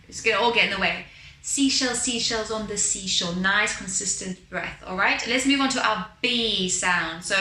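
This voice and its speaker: A woman's voice: medium pitch, brisk, pushed and bright. A woman as a vocal coach leading a beginner singing lesson, demonstrating exercises and overpronouncing her words. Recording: roomy with piano behind.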